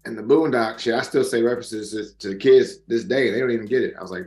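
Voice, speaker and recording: A man co-hosting a casual podcast chat, talking in an animated, profane way and laughing often. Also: mid-range voice, fast, few pauses, roomy sound, faint music behind. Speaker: podcast co-host.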